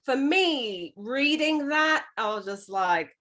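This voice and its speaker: A woman's voice: medium pitch, expressive, slow pace, hardly any pauses, fairly bright tone. A woman co-hosting a casual podcast about a book, retelling it at length. She talks conversationally and keeps dropping in "you know" as she goes. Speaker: podcast co-host.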